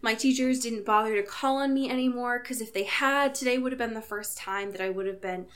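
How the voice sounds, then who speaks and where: An empty-headed young vampire drones on in a flat, dazed tone, as a woman parodies him. The voice is bright and slightly high. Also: a little fast, natural voice. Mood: mock dazed.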